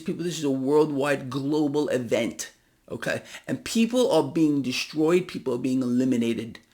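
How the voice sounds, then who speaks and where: Agitated male finance vlogger, gravelly and a bit high-pitched, ranting with sarcastic punches. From United States. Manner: emphatic, ranting, sarcastic, rising to near-shouting. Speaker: finance commentator. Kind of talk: impassioned solo market commentary.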